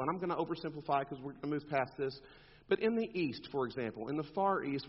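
A man preaching a sermon, talking animatedly and putting on mocking quoted voices as he makes his points. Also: fairly high pitch. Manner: animated, rhetorical, mock quotes in asides. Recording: dull long-reverb hall sound.

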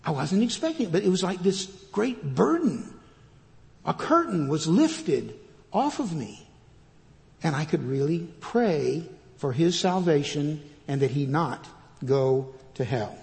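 A man's voice: on the high side, big pitch swings, measured pace, vocal fry. Man preaching in a reverberant hall. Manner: preaching with shifts between loud scripture reading and quiet asides. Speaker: pastor. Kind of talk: sermon.

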